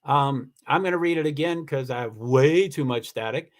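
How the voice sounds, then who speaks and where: A man hosting his own livestream, reading viewer comments aloud in casual talk, halting with many restarts and turning firm and insistent. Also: mid-range voice. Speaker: livestream host.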